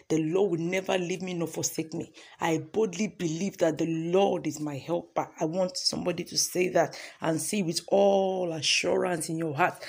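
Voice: mid-range voice, gravelly, a little mellow, breathy edge. A devotional host leading a morning sermon, fervent and repetitive, calling listeners to repeat affirmations.

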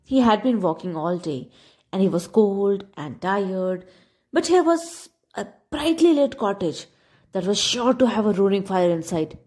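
A woman's voice: medium pitch, unhurried. A woman reading a children's story aloud as storyteller, speaking to the kids. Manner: expressive, addressing kids.

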